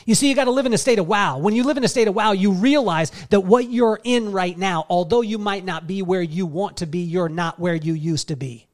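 A man's voice: high-pitched, brisk, hardly any pauses. A middle-aged man giving an emphatic, story-driven motivational speech at a live summit. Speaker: keynote speaker.

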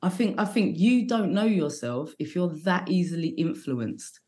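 A woman's voice: on the low side, big pitch swings, moderate pace, mellow. A British woman in her forties, a comedian guest chatting casually with lots of slang, swearing and fillers. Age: 40s. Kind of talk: casual chat.

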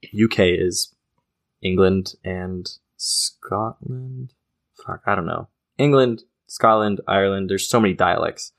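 A man's voice: low voice, creaky, a bit bright. A young man co-hosting a podcast, chatting loosely, laughing easily and swearing now and then. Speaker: podcast co-host. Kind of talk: casual podcast chat.

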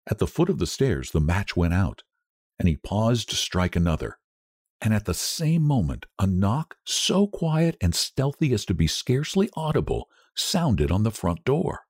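A man hosting a literature podcast, reading a story aloud in a measured, dramatic way. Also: deep voice, darkish tone, no room sound, clean studio sound. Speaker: podcast host and narrator. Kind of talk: scripted storytelling narration.

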